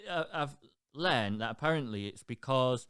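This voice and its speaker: A young man co-hosting a podcast, telling stories in an animated, casual way. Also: mid-range voice, normal speed, smooth, dry recording, studio quality. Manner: animated storytelling, swears freely. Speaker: podcast co-host. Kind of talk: casual chat.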